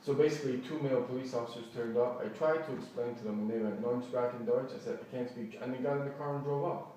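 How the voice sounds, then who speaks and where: Agitated man telling a story in an echoey room. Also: medium pitch. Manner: animated, acts out quoted dialogue, restarts often. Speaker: person recounting an incident. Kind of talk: agitated first-person storytelling. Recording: echoey room, distant mic, faint noise.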